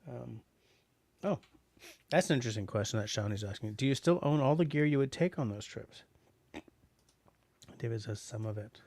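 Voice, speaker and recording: A man's voice: medium pitch, animated, normal speed, pauses often, a little mellow, no echo. A middle-aged man from Canada hosting a casual livestream, reading out chat messages and rambling with lots of restarts and fillers.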